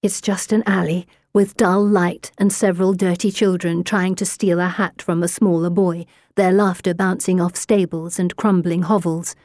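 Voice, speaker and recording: Woman audiobook narrator, first person, dramatic and expressive, dry booth sound. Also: fairly low pitch, moderate pace, few pauses, dry recording. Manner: expressive, rising to tense urgency. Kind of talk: first-person novel reading.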